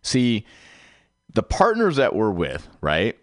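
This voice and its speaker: A man with a low voice runs a comedy bit on his radio show like a pushy product pitch. His delivery jumps up high for emphasis, then drops back down. The studio sound is close and dry. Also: wildly swooping pitch, slow pace, no room sound. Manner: salesman-like pitch with big swooping emphasis. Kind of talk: mock infomercial comedy rant.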